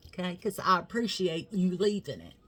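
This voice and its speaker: A woman's voice: lowish voice, big pitch swings, moderate pace, fairly bright tone, breathy edge. A middle-aged woman chatting to camera at home, telling a rambling family story and thanking viewers affectionately. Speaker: makeup vlogger. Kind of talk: casual chat to camera.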